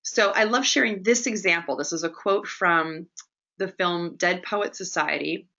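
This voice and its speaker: A woman coaching an audience in a webinar, lively and chatty, often checking in with "right?" as she teaches. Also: fairly low pitch, measured pace, vocal fry, lo-fi sound. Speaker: presentation coach hosting a webinar.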